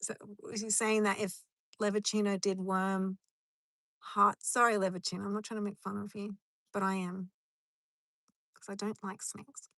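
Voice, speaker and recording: A woman's voice: mid-range voice, little pitch movement, moderate pace, long pauses, a bit bright, no echo. A woman chatting on a live stream from her car in a rambling, chatty way, answering comments as they come in. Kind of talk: casual live stream chat.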